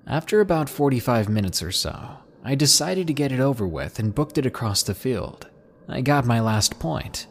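A man with a slightly husky voice reading out submitted camping horror stories in a lively narration, dropping low and hushed at the tense moments. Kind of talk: scripted horror story narration.

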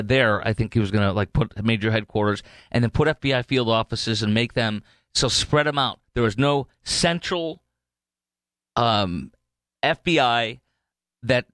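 Rambling talk radio host. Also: male voice, medium pitch, a bit bright, no echo, clean studio sound. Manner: rambling, digressive, mocking impressions. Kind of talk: opinionated political talk monologue.

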